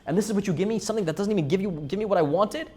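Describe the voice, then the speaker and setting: A man playing an irate chieftain, older male, shouting, accusing, raised pitch. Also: a little fast, close to an everyday voice. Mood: outraged.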